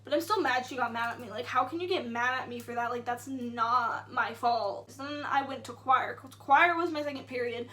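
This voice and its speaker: A woman's voice: fairly high pitch, normal speed, hardly any pauses, pushed and bright. A young woman telling a story to camera in a chatty, indignant way, full of "like" fillers. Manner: indignant retelling. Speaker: vlogger. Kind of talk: casual storytime.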